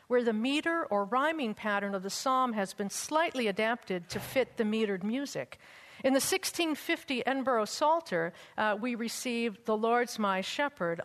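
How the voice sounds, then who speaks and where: A fairly high-voiced woman leading a class on hymns and psalm singing, talking in a chatty way with teasing asides. Her voice rings out with a long reverb, as in a church or large hall. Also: a bit bright. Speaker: church music teacher. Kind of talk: hymnal lecture with sung examples.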